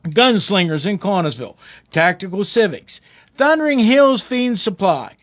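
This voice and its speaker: A man's voice: high-pitched, animated, moderate pace, fairly bright tone. A middle-aged man who hosts a folksy talk radio show, rallying listeners in a fiery, slang-filled way. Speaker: radio show host and local official.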